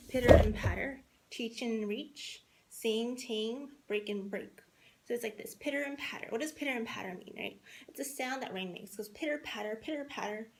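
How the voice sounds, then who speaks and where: Woman teaching a slow, repetitive lesson. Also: fairly high pitch. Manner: spells words out slowly, repeats for learners. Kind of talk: classroom poetry lesson. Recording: echoey room with faint noise.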